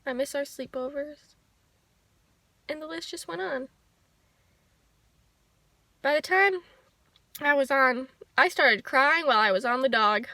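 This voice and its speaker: A young woman talking to the camera in a personal vlog, soft, heartfelt and reflective. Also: high voice, measured pace, pauses often, no echo. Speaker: vlogger. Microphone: handheld camera.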